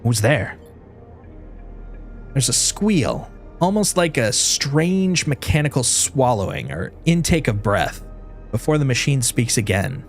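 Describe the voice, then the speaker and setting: A streamer reads a narrative game aloud in an even, mid-pitched man's voice. He narrates with expression and drops into playful asides between passages. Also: slow pace, soft background music.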